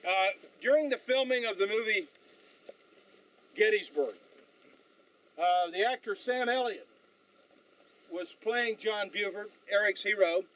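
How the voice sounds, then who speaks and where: A man leading a battlefield tour outdoors, telling stories in an animated way with frequent fillers and restarts. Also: high-pitched, rough recording. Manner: animated storyteller, halting with fillers. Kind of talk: outdoor guided tour talk.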